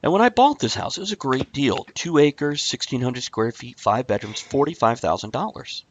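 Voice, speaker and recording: A man hosting a casual talk show, telling a rambling shaggy-dog story with deadpan asides. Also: mid-range voice, moderate pace, muffled recording.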